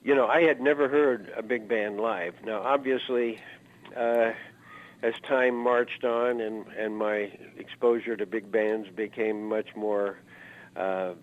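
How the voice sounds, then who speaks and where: A man's voice: on the low side, steady tone, slow pace, a little hiss or hum. Older man reminiscing over a phone line. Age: 70s. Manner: rambling, anecdotal, lots of "uh" fillers. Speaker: guest musician. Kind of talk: reminiscing interview storytelling. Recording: narrow phone-like interview audio.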